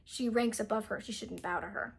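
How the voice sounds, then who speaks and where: A woman's voice: mid-range voice, a little fast, creaky, slightly rough. A young woman casually retelling a book's plot, rambling with lots of fillers and giggles. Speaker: book reviewer.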